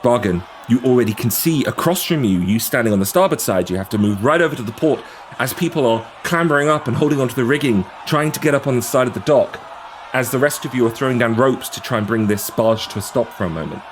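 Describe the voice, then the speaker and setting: A man's voice: mid-range voice, quick pace, slight background noise. A man narrating a tabletop game as game master, with vivid description.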